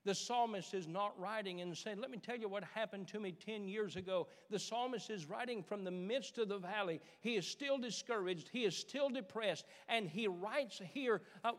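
A middle-aged man preaching a sermon as pastor, repeating his phrases and rising to fervent emphasis. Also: sits high. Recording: church sanctuary with long reverb.

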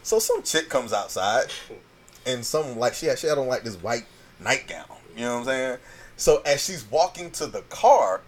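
A man in his thirties telling a story in casual chat, animated, acting out the voices and swearing freely. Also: mid-range voice, moderate pace. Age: 30s.

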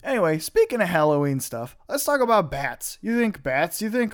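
Offhand young man with a smooth voice. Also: sits high, big pitch swings, a little fast, hardly any pauses. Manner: rambling, offhand, swears casually. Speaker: podcast host. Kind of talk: casual storytelling monologue.

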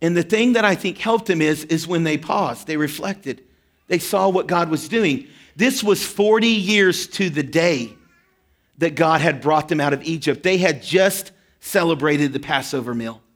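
A man's voice: fairly high pitch, a little slow. A man preaching a sermon as pastor, telling a story earnestly and acting out quoted prayers.

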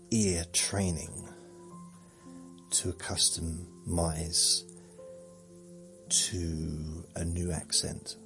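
A podcast host with a low but fairly bright voice talks slowly through a rambling sleep-podcast monologue. He muses in a dry, self-mocking way as faint music plays underneath.

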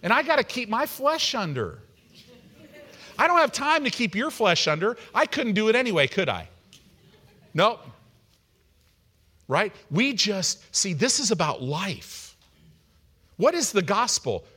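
A middle-aged man preaching an evening sermon, animated and conversational, acting out the people he quotes. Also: high voice, a little slow, pauses often, slightly rough. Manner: animated, acts out quoted voices. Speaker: pastor.

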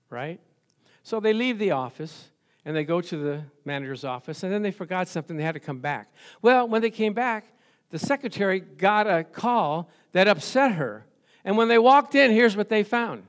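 A man's voice: high voice, animated, moderate pace. A middle-aged man preaching a sermon in a church, chatty, acting out quoted voices, chuckling often and calling for amens. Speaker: pastor.

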